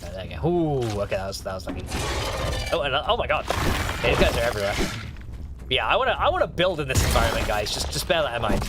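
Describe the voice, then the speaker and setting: A man's voice: mid-range voice, very animated, quick pace. Chatty man streaming a game. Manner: chatty, stammering restarts, laughs often, swears. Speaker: gaming streamer. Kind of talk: casual live gameplay chat. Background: game music.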